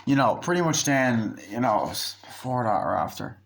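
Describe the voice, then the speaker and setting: A man's voice: medium pitch, sing-song, normal speed, vocal fry. A man giving a casual, rambling film review, swearing freely and losing his train of thought. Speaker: movie reviewer.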